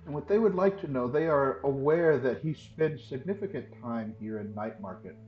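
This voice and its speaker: A man narrating as game master in a tabletop game, relaxed and explanatory. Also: medium pitch, moderate pace. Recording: roomy, dull lo-fi sound with faint music.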